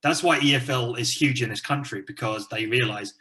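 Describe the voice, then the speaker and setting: A man from England talks through an interview as an English teacher and trainer. His voice sits mid-range in pitch, and he sounds relaxed and chatty, leaning on easy fillers as he explains his views. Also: a little fast. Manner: relaxed, chatty, frequent fillers like "you know". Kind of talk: casual interview conversation.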